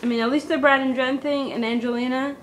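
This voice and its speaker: A woman's voice: high voice, fairly even intonation, fast, slight background noise, poor audio. A woman doing a comedic valley-girl monologue, full of "like" and "totally," ranting with exaggerated drama.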